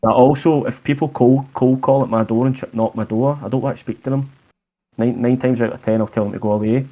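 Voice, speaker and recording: A man's voice: medium pitch, steady tone, fairly quick, phone-quality sound. A Scottish man, a tradesman guest, chatting casually in a plain-spoken way with some restarts. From Scotland. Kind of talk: casual chat.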